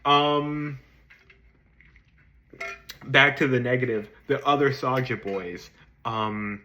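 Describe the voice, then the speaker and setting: A man giving a casual spoken film review, hesitant with many ums and restarts, swearing casually and jumping into excited emphasis. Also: slow pace, slight background noise. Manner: jumps to excited high-pitched emphasis.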